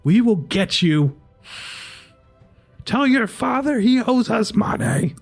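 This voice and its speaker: A man's voice: very high voice, very animated, slow, creaky, soft background music, pitched above the performer's own voice, full character voice. A man voicing an indignant male gate guard who barks threats. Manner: barking, indignant.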